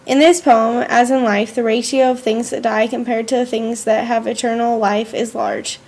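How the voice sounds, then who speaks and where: A woman, a student, reading her school journal aloud in an earnest, measured way with slow pauses. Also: a little high, flat delivery, darkish tone.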